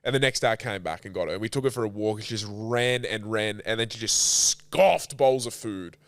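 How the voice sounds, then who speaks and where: A man's voice: lowish voice, fairly quick, no room sound. A man, a podcast co-host telling an emotional story in casual chat, rambling and swearing freely.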